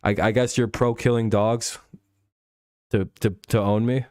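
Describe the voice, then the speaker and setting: A man's voice: on the low side, level tone, measured pace, a little mellow, no room sound, clean studio sound. A young man hosting a casual talk stream, arguing heatedly with profanity and lots of repetition and restarts. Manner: argumentative, profane, repeats himself. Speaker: host.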